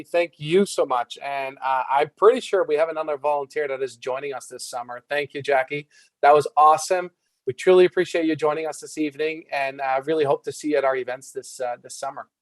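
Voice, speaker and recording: Event host, male, friendly and relaxed, fairly high voice, dry close sound. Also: no room sound, rough recording. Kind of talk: hosting an online event.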